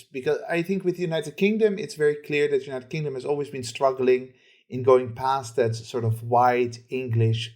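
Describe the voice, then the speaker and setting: A man's voice: on the high side, darkish tone. A man hosting a podcast, asking long, wordy, probing interview questions. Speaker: podcast host.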